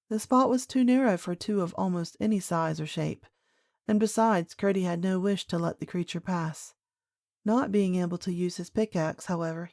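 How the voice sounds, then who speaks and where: A woman narrating a classic children's audiobook in a clear, measured storytelling voice. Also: lowish voice, a little mellow, dry recording, clean studio sound.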